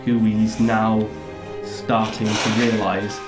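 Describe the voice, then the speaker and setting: A man running a tabletop game, narrating haltingly with many ums and laughs. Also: lowish voice, flat delivery, over music. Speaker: game master.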